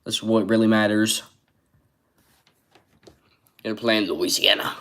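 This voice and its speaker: A man rambles through a casual sports live stream, stopping to read viewers' chat comments aloud. His voice sits low and stays fairly flat in pitch. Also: moderate pace. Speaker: sports livestreamer.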